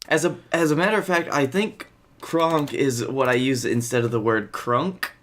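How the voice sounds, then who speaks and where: Podcast co-host: man, mid-pitched voice, laid-back and joking. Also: steady tone, normal speed, a bit bright, slight background noise. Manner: laid-back, jokey, swears freely. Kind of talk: casual chat.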